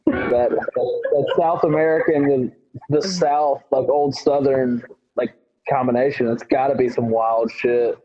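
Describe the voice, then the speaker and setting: A man hosting a podcast, cutting in with loud, profane jokes. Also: medium pitch, steady tone, a little slow. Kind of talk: casual podcast chat. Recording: dull lo-fi sound.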